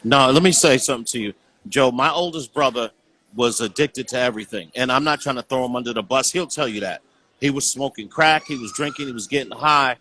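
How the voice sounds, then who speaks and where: A man's voice: medium pitch, a little fast, bright, forceful tone, a little hiss or hum. A man talking earnestly in a casual call conversation as a guest, often saying "you know what I'm saying".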